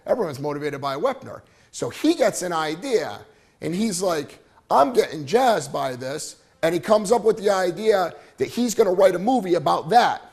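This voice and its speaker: A middle-aged man giving an animated storytelling presentation to a live audience, often checking in with "right?". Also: high voice, normal speed. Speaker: motivational speaker.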